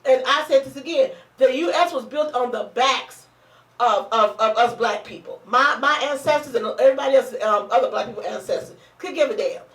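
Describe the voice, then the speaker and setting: Hoarse lady host, high voice, roomy sound from far off the mic, blunt and cussing. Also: brisk, fairly bright tone. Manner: blunt, profane, fired-up. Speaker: talk show host. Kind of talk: casual chat.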